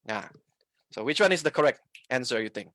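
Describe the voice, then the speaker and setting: A man's voice: medium pitch, expressive, fairly quick, a bit bright, no echo. A man with a Malaysian English accent teaching a live online trading lesson, mixing in Malay and often checking in with his viewers. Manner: code-switching, asks the audience questions often. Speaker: trading instructor.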